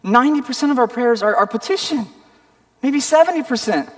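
A man preaching a sermon as a pastor, animated, acting out the voices of people at prayer. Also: very high-pitched, fairly quick. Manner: animated, acts out voices of petitioners. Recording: reverberant hall.

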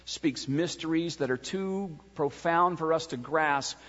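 A man with a high voice preaches with earnest, measured weight, sinking low and slow on the phrases that matter most. His voice rings in a long hall reverb, and the recording sounds dull and lo-fi. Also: fairly bright tone. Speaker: pastor. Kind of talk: sermon.

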